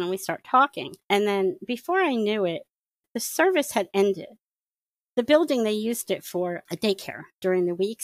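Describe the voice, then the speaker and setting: A woman guest recounting her past as a witch in casual storytelling, animated and laughing often as she acts out her own thoughts. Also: medium pitch, no echo. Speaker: interview guest, former witch. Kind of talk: personal testimony, casual storytelling.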